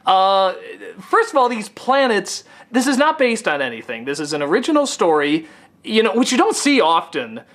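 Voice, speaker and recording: A man giving a casual, profane film review rant, stammering and sarcastic, often getting excited. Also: high-pitched, moderate pace. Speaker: film critic.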